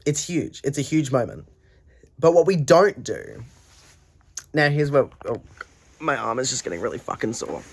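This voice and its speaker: A man's voice: medium pitch, sing-song, moderate pace, vocal fry, pauses often, breathy edge. A man in his twenties ranting in a casual video diary, tired, profane and rambling. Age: 20s. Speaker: vlogger.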